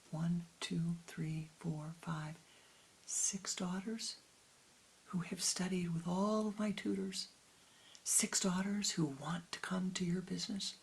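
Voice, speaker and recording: A woman voicing a heartbroken, gentle young son who pleads softly with his father in a told story. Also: on the low side, vocal fry, poor audio. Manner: pleading, soft-spoken.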